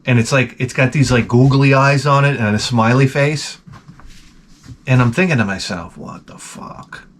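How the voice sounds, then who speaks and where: Guy ranting about his family, swears a lot, mutters the side jokes, middle pitch. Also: moderate pace, a little hiss or hum. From United States. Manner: profane, animated, drops to mutters for asides. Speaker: channel host. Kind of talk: rambling comedic storytelling.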